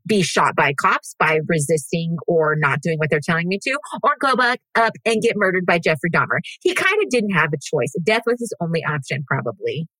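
A woman's voice: fairly low pitch, expressive, brisk, few pauses, a bit bright, no room sound, rough recording. A woman hosting a podcast, telling a true-crime story in a casual, blunt and profane way. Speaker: podcast host.

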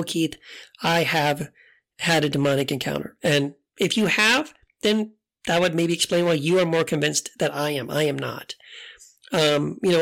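A man's voice: on the high side, a bit bright. A middle-aged man hosting a podcast, talking in a casual reflective monologue, hesitant with many restarts, telling stories candidly. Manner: candid storyteller. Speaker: podcast host.

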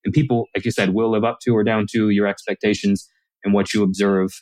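A man's voice: on the low side, flat delivery, brisk, a little mellow, no echo, poor audio. A man as an author guest in a casual conversation, telling stories animatedly and acting out quoted lines.

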